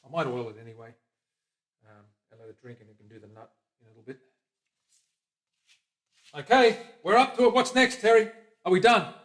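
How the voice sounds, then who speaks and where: A man hosting a casual workshop stream, chatting to viewers and a helper as he works. His volume swings between loud, excited bursts and quiet mumbles to himself. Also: sits high, brisk, pauses often. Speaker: guitar builder hosting a livestream. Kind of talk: casual workshop chat while working.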